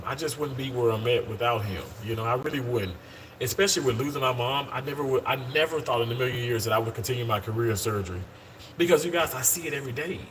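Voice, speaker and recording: In a hospital, a surgical worker in his thirties runs a casual live stream, upbeat and talkative, calling viewers y'all and often restarting his sentences. His medium-pitched voice has a fairly bright tone, with slight background noise.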